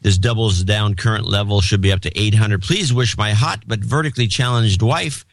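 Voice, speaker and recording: Male podcast co-host, low voice, dry sound, chatty and self-interrupting. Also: normal speed, no echo. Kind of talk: casual chat, reading donor notes.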